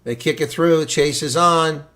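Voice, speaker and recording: Excitable man calling rugby live. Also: on the high side, normal speed. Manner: excitable, swings from calm calling to loud outrage; talks to chat viewers between plays. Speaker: livestream rugby commentator. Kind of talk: live reaction play-by-play commentary.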